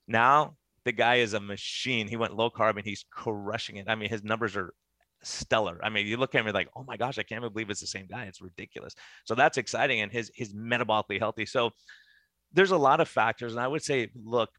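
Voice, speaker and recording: A man's voice: fairly low pitch, fairly quick, pushed and bright, no echo. A middle-aged man, a physician guest, telling stories in conversation and animatedly acting out the dialogue he quotes. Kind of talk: conversational storytelling.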